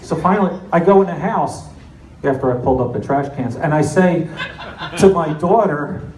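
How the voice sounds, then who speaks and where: Middle-aged man, stand-up comic, deadpan storytelling, raised pitch, echoey club with audience noise. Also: moderate pace, distant mic. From New Jersey. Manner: deadpan self-mocking storytelling. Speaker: stand-up comedian. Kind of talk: stand-up comedy set. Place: comedy club stage. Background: audience laughter.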